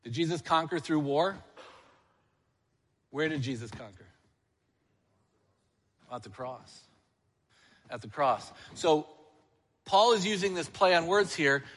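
A man's voice: fairly high pitch, lively intonation, slow pace, pauses often, fairly bright tone, long reverb tail. A male church elder preaching a sermon, asking the congregation questions and answering them himself.

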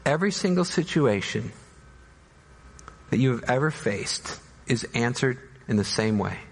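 A male pastor preaching a dramatic sermon, voicing doubters in high anguished tones and dropping to soft, slow pleas. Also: animated, husky. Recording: long hall reverb.

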